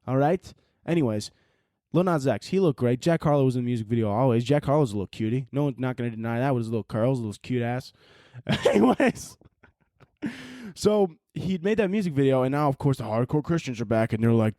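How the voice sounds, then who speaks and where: A man's voice: medium pitch, expressive, quick pace, a little mellow, dry recording, studio quality. A young man in his twenties hosting a comedy podcast, rambling and profane in a casual rant. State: tired from little sleep.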